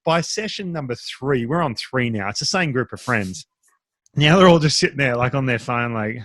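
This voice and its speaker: A man's voice: medium pitch, normal speed, no room sound. A man, co-hosting a podcast and telling a story in casual chat, acting out his friends in a raised voice. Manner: animated, acts out quoted friends in a raised voice. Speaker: podcast co-host.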